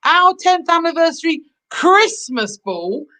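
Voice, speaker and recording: A woman guest on a chat show, chatty, playful and animated. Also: very high-pitched, a little slow, low-quality recording. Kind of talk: casual chat.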